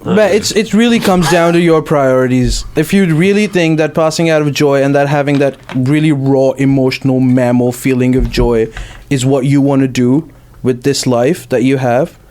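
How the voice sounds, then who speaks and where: A man's voice: mid-range voice, steady tone, normal speed, darkish tone, slight background noise. A young man co-hosting a podcast, defending his view firmly and insistently. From Australia. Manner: firm, insistent. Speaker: podcast co-host. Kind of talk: casual chat.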